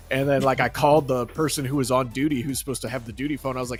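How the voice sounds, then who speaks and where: A man's voice: mid-range voice, fast talker, faint music behind. A young adult man rambling through a story in casual chat, with lots of fillers and laughs. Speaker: podcast co-host.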